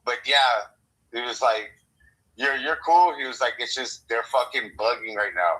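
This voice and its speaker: With a medium-pitched voice, moderate pace and sharp tone, a young American podcast co-host rambles through a story in casual chat, swearing and acting out both speakers. The recording is rough.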